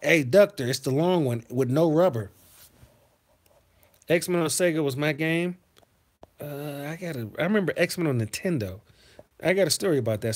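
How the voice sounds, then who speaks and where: A man chatting on a livestream, telling childhood stories and answering his chat. His voice sits a bit high and swings widely, and he bursts into loud, cursing rants. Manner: profane, animated, swings into loud outbursts. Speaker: livestream host reading chat. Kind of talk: casual storytelling to a live chat.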